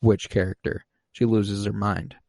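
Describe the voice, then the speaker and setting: A man co-hosting a casual podcast, animatedly retelling scenes and jumping into high voices for the quotes. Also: flat delivery, a little slow, creaky, a little mellow, dry recording. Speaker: podcast co-host recapping a TV episode. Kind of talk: casual chat.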